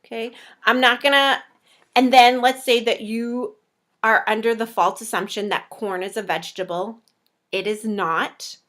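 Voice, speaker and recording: A young woman chatting through a meal planning tutorial with a bright, crisp voice. She is playful and talkative, and she keeps slipping into quick little voices to act out how her viewers react. The tone is casual, the way a vlogger talks straight to the camera. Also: mid-range voice. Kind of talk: casual talking-head tutorial.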